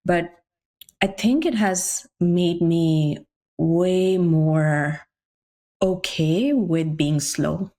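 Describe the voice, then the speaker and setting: A pregnant woman from India, a guest on a podcast, telling stories in a lively way and acting out her own past remarks. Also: lowish voice, extremely slow. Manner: animated storyteller, often acting out remarks she once made. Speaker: guest entrepreneur. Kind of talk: casual podcast chat.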